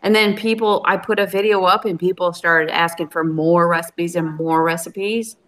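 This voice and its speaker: A woman's voice: fairly low pitch, fairly even intonation, moderate pace. A woman, a cooking channel host, chatting casually and emotionally as a guest on a live video-call stream.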